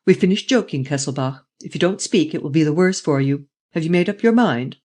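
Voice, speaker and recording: A man voicing a suave, mocking gentleman thief who is excitable and quick to laugh. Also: a little high. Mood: menacing.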